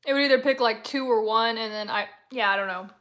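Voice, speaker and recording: A woman's voice: on the high side, quick pace, fairly bright tone. A woman from Texas, chatting casually with viewers on a livestream, rambling through stories and laughing often. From San Antonio, Texas, USA.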